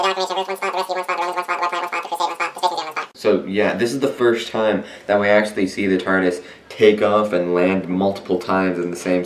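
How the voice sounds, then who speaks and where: A young man giving a casual, rambling review monologue, often correcting himself and filling pauses as he talks. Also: low voice, a little mellow. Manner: rambling, self-correcting, many fillers. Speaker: video reviewer. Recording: roomy echo.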